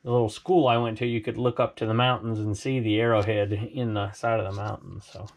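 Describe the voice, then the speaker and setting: A man's voice: fairly low pitch, flat delivery, fairly quick, creaky. Chatty man from Southern California. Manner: rambling, chatty, talks to viewers. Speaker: reseller vlogger. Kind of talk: casual chat.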